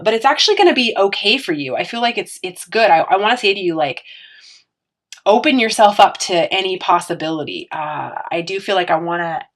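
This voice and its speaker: A woman's voice: on the low side, a bit bright. A woman giving a casual, encouraging tarot reading, earnest and full of fillers and restarts. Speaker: tarot reader.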